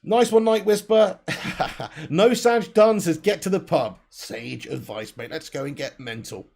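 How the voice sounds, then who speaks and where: Gravelly-voiced man chatting on a live stream. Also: fairly high pitch, animated, a little slow, darkish tone. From England. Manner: banter, reads out viewer names, laughs often. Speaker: host of a fan channel live stream. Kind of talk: casual live-stream chat.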